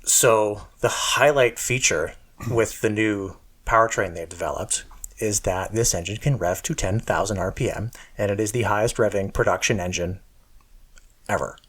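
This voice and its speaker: A man's voice: on the low side, normal speed, fairly bright tone, slightly rough. A man co-hosting a car podcast, chatting casually with lots of fillers and a self-deprecating humor. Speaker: podcast co-host.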